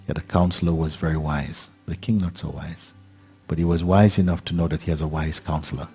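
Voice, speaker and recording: A man giving a spiritual talk, telling a parable in an unhurried, gentle way with pauses and fillers. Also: very deep voice, fairly even intonation, soft background music. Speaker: spiritual teacher.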